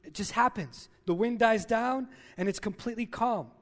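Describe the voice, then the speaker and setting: High-voiced male pastor preaching. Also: moderate pace. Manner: repeats key lines for emphasis, addresses listeners directly. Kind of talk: sermon.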